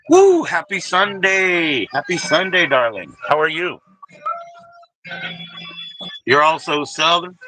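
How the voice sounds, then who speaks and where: Guy on a livestream, super bright edgy voice, a bit high, swearing and rambling at chat. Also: poor audio. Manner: loose and profane, talks straight to chatters by name; rambling, many fillers and asides. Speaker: livestream host. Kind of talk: casual livestream chat with viewers.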